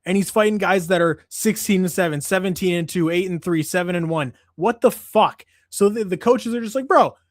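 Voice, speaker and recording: Brief: a fed-up male stream host who swears constantly, set a bit high and recorded dry. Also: a little fast, hardly any pauses, no room sound. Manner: profane, exasperated ranting. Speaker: MMA show host. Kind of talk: casual livestream commentary.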